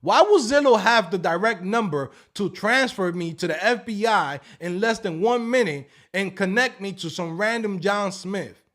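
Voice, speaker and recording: Higher-voiced man telling a story on stream. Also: moderate pace, hardly any pauses. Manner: animated storytelling, swears and laughs. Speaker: livestream host. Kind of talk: casual livestream chat.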